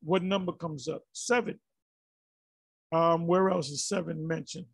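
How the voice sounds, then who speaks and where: A man with a raspy, gravelly, somewhat high voice delivers loose, casual commentary. He rambles, restarts sentences and sounds exasperated. The sound is dry and close. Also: steady tone, unhurried, no echo. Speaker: religious commentary vlogger.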